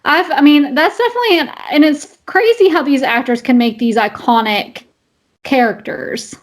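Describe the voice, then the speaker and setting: A woman co-hosting a podcast talks in a high, light voice. She rambles casually and keeps restarting her sentences. Her talk is stuffed with fillers. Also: moderate pace. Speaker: podcast co-host. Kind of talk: casual chat.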